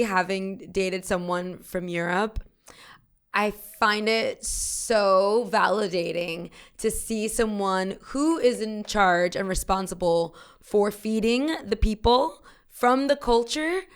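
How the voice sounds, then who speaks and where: A woman co-hosting a podcast, talking quickly and enthusiastically in casual chat. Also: medium pitch, smooth. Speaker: podcast co-host.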